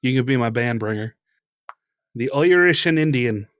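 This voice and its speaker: A man's voice: mid-range voice, animated, normal speed, no room sound. A man co-hosting a podcast and livestream, chatting casually, joking crudely and laughing often. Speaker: podcast co-host and streamer. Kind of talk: casual chat.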